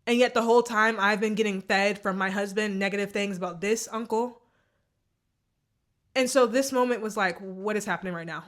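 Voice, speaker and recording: A woman's voice: mid-range voice, steady tone, normal speed. A woman vlogger telling a personal story in a candid, emotional way, often repeating herself.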